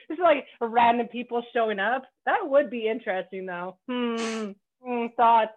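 Upbeat woman podcast host from Canada, fairly high voice, loose and joking, cheerfully profane, tinny narrow line. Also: unhurried. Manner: bubbly, joking, swears freely. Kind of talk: casual podcast chat. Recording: phone-like narrow band.

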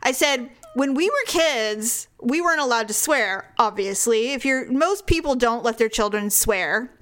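A woman with a fairly high voice tells a long story in casual chat. She rambles, restarts her sentences and fills the gaps with "like". Her pitch sits above that of most women. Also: animated, a little slow, fairly bright tone. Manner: rambling storyteller with many fillers and laughs.

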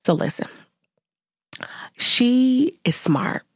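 A woman in her thirties, a mother vlogging to her viewers, telling a story in casual chat and venting with exasperated, animated exclamations. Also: fairly high pitch, drawn-out words, breathy edge, no echo, clean studio sound.

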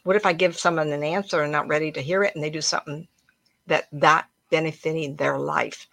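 A woman's voice: low-pitched, fairly even intonation, a little fast, gravelly, bright, forceful tone, no echo. A middle-aged woman talking casually as a spiritual medium, chatty and emphatic, telling stories from her home. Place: room at home with plants.

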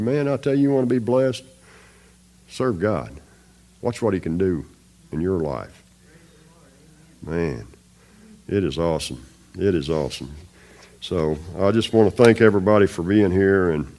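A man preaches a testimony in a fairly low voice. His delivery is folksy and emphatic, and he repeats his points for effect. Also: darkish tone. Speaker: chaplain. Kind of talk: testimony sermon.

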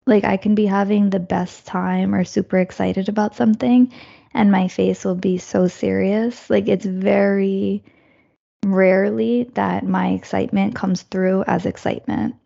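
A woman in a reflective casual conversation, thoughtful and fairly monotone. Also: medium pitch, unhurried, vocal fry, lo-fi sound. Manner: thoughtful, says she speaks in a monotone.

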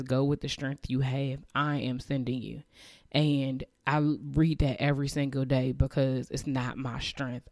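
A woman's voice: extremely low pitch, darkish tone, dry recording, studio quality. A woman in her thirties hosting a faith podcast, speaking earnestly and emotionally as she encourages her listeners. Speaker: podcast host. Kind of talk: motivational faith podcast monologue.

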